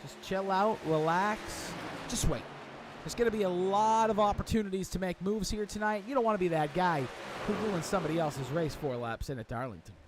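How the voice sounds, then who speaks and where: A man calling sim truck racing play-by-play in an energetic, chatty manner. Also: sits high, brisk, noisy background. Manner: energetic, chatty, builds hype at the start. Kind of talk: play-by-play race commentary.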